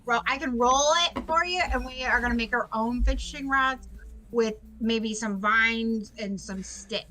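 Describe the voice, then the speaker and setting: Woman at the game table; high, bright, friendly, quick. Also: rough recording. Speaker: player. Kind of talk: casual tabletop play.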